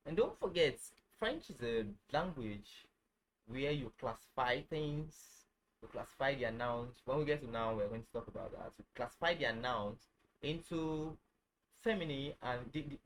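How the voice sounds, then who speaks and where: A man giving an informal French lesson, repeating words slowly, checking that viewers follow, and correcting himself as he goes. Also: medium pitch, animated, slight background noise, rough recording. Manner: restarts and self-corrects often. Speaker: French teacher.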